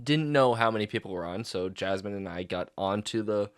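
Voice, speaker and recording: A man co-hosting a podcast in casual chat, an animated storyteller who laughs often. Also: lowish voice, brisk, clean tone, dry recording, clean studio sound. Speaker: podcast co-host.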